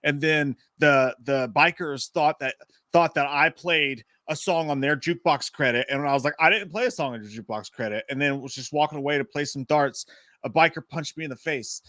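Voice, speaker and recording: A man's voice: fairly high pitch, brisk, pushed and bright, dry recording, clean studio sound. A man co-hosting a podcast, joking and swearing his way through a story with frequent laughs. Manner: wisecracking, profane, laughs often. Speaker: podcast co-host. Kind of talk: casual banter.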